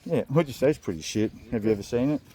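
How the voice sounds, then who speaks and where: Brief: young Australian bloke, crude comic vlogger, laughs a lot, mid pitch. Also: male voice, expressive, rapid-fire, dark tone. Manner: crude, joking, laughs often. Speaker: vlog host. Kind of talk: rambling comedic vlog.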